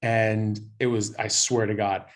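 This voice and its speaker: A man's voice: on the low side, flat delivery, unhurried. A man from Southern California, a doctor telling stories in a casual interview with many restarts. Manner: storytelling, laughing, frequent restarts. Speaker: doctor, guest.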